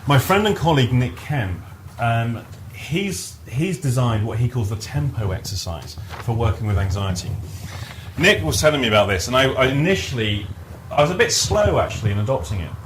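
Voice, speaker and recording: A male workshop trainer teaches a live group in a training room, explaining ideas conversationally and weaving in stories. His mid-range voice is expressive at a normal pace, and he repeats words as he restarts sentences. The low-quality recording carries a slight hiss or hum.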